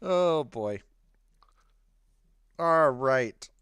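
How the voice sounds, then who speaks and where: A man acting as game master, narrating a tabletop game in an unhurried way with plenty of fillers. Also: mid-range voice, lively intonation, fairly bright tone, smooth, no room sound, studio quality.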